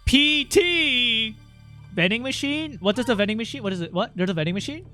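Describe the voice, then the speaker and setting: An excitable young male streamer with a high, bright voice, chatting casually as he plays and reads out on-screen text. He swears freely and gets loud when something surprises him. Faint game music runs in the background. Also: a little fast. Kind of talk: casual gameplay commentary.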